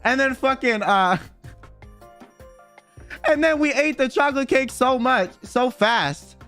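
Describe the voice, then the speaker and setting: High-voiced young man telling a story. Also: slow, faint music behind. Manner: animated, swears a lot, acts out quotes. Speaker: streamer. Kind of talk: casual storytelling chat.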